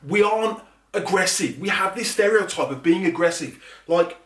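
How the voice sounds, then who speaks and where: A man's voice: sits high, animated, moderate pace, a bit bright, recorded from a distance. A man, a teacher and middle leader from England, speaking in an earnest, emphatic monologue that builds into anger. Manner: earnest, rising to emphatic and angry. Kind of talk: impassioned monologue to camera. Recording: echoey room, away from mic.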